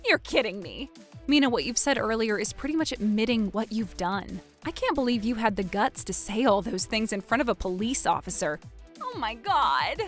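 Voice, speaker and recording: A woman with a high, lively voice acts out every role in a dramatic story, switching sharply between characters. Soft music plays beneath her. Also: brisk. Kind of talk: acted story narration with many voices.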